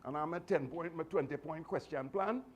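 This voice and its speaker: A man's voice: fairly high pitch, normal speed. Trinidadian male instructor, raised voice, chatty storyteller, faint background noise. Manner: animated, chatty, laughing asides. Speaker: martial arts instructor. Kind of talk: storytelling speech to a class.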